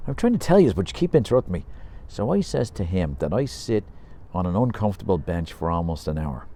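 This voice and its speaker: A man's voice: low voice, sing-song, brisk, warm tone, heavily acted. A man voicing a chatty pub regular who rambles through a long story with wry humor.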